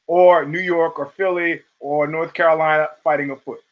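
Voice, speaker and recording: A man's voice: on the high side, normal speed, muffled recording. A man from the United States hosting a show, telling stories in a casual, profane monologue and acting out the people he quotes. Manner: profane, animated storyteller who acts out quotes. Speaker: show host.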